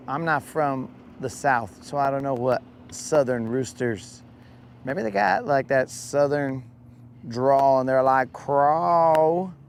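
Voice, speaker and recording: A man's voice: medium pitch, slight background noise. A man hosting a fishing livestream outdoors on a lake, joking in slang and greeting viewers by name. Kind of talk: casual live-stream chat.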